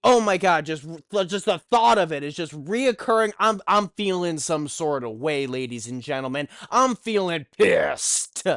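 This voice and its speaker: A young man telling a story on his own channel in an animated, exasperated rant, swearing constantly. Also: a little high, moderate pace, few pauses, clear, resonant tone, no room sound, clean studio sound. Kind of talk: profane ranting storytime.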